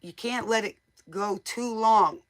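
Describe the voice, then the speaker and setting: A woman's voice: fairly high pitch, measured pace. Motherly woman reading tarot live. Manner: casual, motherly, advice-giving to chat viewers. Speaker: tarot reader.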